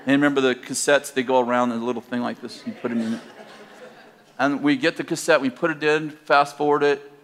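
Animated older man telling a story. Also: mid-range voice, fairly quick. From Northern California, USA. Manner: conversational, animated, laughing at his own story. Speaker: preacher. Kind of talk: personal storytelling sermon.

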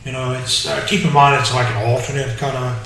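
A man co-hosting a casual podcast chat, talking in halting bursts with many fillers and restarts. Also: medium pitch, little pitch movement, fairly bright tone, slight background noise. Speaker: podcast co-host. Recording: echoey room, mic far off.

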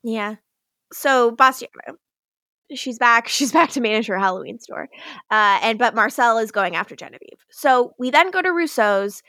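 A woman's voice: fairly high pitch, animated, moderate pace, pushed and bright, no room sound, clean studio sound. A woman co-hosting a podcast, recapping a TV episode in casual chat, laughing often and acting out the characters' lines. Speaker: podcast co-host.

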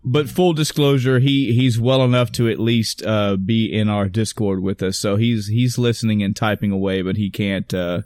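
A man's voice: on the low side, steady tone, moderate pace, hardly any pauses, darkish tone, no room sound. Rambling, profane male podcast host. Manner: rambling, profane, laughing often. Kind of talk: casual podcast banter.

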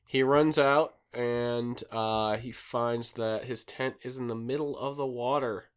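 A man's voice: mid-range voice, fairly even intonation, takes it slowly, clear, resonant tone. A man hosting a podcast who recaps a show in a rambling, casual way, full of fillers. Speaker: podcast host recapping an episode. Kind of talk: casual chat.

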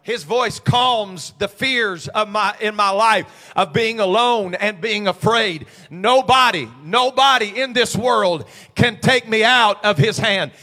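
A man preaching a sermon as pastor at a midweek church service, moving between quiet stretches and shouted, sing-song preaching cadence. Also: sits high, slow pace, few pauses, big-room sound. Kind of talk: pentecostal-style preaching sermon.

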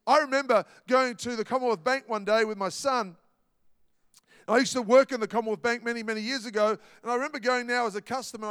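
A man's voice: extremely high pitch, fairly bright tone, clear, resonant tone, no room sound, clean studio sound, in a large hall. A man preaching a sermon, emphatic and repetitive, telling stories to make his point. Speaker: pastor.

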